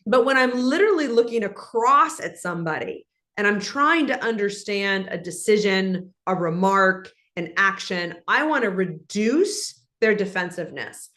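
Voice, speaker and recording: A woman guest on an interview show explains her advice in an animated, instructive way. Her voice sits in an ordinary middle pitch for a woman. She talks like a coach walking a listener through examples. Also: normal speed. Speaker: guest, leadership speaker. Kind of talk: conversational interview.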